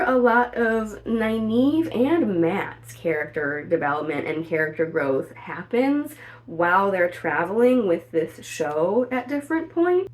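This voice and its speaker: A woman talking through a casual TV show review in a chatty, animated way, full of "like" fillers and the odd blunt swear. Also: fairly low pitch. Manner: outspoken, swears in mock outrage. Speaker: video reviewer.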